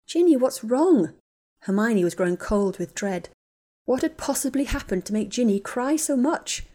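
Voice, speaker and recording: A woman narrating a fanfiction audiobook in a measured, quiet storytelling manner. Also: mid-range voice, expressive. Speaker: audiobook reader. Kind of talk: scripted narration.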